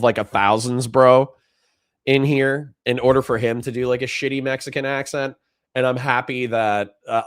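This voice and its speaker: A man hosting a reaction show in casual commentary, animated and profane. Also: mid-range voice, no room sound, studio quality. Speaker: host.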